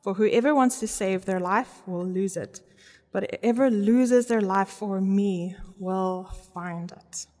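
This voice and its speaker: A woman's voice: mid-range voice, slow pace, darkish tone. A woman preaching a sermon in a church, earnest, often laughing and stressing key words. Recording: long reverb of a church hall.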